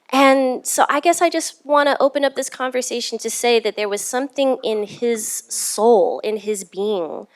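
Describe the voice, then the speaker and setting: A woman's voice: high-pitched, fairly bright tone. A woman neuroscientist speaking on a panel in a conversational, reflective way. She often checks in with "right?". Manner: conversational, ends points with "right?". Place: panel event in a university learning theater.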